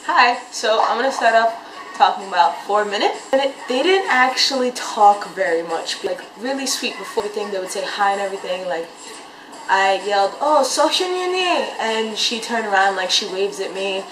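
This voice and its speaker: A woman's voice: medium pitch, normal speed, noisy background. A woman describing a concert in a casual vlog, gushing and rambling with lots of filler words. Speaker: fan recounting a concert. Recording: echoey room.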